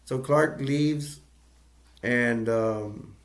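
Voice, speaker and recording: A man's voice: mid-range voice, drawn-out words. A man casually retelling a movie's plot as a reviewer, rambling with restarts and loose asides.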